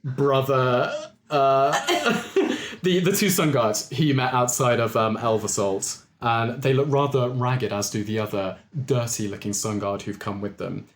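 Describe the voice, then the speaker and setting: A man's voice: medium pitch, a little slow, a little hiss or hum. A man narrating as game master of a tabletop game, rambling with fillers. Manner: rambling, full of fillers and chuckles. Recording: roomy echo.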